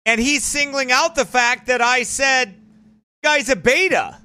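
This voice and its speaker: High-pitched fiery male preacher. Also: a little slow, sharp tone, clean tone. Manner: combative, mocking, emphatic. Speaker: pastor.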